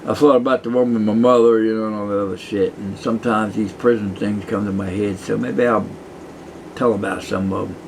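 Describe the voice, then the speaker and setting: A man's voice: lowish voice, steady tone, fairly quick, vocal fry, background noise. A man in his sixties, a retired prison guard, telling rambling, profane stories in casual chat. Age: 60s. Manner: profane, meandering, chuckling. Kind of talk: rambling casual storytelling to camera.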